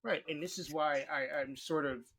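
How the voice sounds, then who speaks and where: A man from New York talking candidly as a podcast guest, in quick bursts and with casual swearing. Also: fairly high pitch, a bit bright. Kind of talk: conversational interview.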